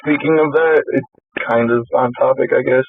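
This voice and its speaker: Husky man chiming in from afar. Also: medium pitch, fairly even intonation, normal speed, no room sound, soft background music. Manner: short reactive interjections. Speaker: podcast co-host. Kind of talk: casual chat. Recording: dry, distant, phone-like sound.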